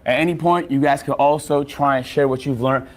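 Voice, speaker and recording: A man's voice: mid-range voice, steady tone, fairly quick. A man streamer teaching a casual class with slangy, joking, hyped talk. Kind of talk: casual classroom-style lecture.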